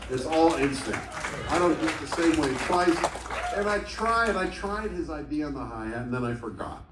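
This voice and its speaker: Profane, animated man telling stories on stage. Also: mid-range voice, slight background noise. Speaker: stage storyteller. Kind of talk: solo speaking show. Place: large theatre. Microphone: stage PA, taped on a phone in the audience. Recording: distant, echoey theatre audience recording. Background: faint audience ambience.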